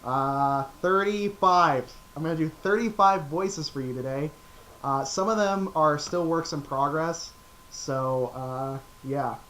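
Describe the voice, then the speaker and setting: Casual male vlogger, bright tone, rambling, filler-heavy. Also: fairly high pitch, slow pace, slight background noise, rough recording. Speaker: vlogger doing impressions. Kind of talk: casual chat to camera.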